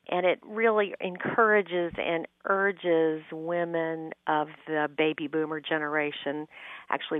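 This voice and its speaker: Upbeat fifties woman guest, low voice, tinny phone line, dry. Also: dry recording. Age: 50s. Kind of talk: radio interview.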